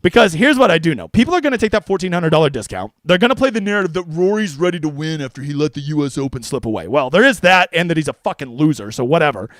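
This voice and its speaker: A man doing casual livestream commentary with a brash, jokey edge and plenty of swearing. He talks fast in a fairly high voice and gets excitable. The sound is dry and close. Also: no echo. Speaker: fantasy golf streamer.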